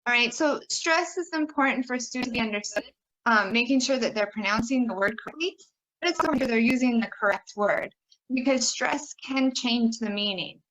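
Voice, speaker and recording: Upbeat young woman workshop presenter, a bit high-voiced, exaggerates sounds for teaching. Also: fairly quick, a bit bright, rough recording.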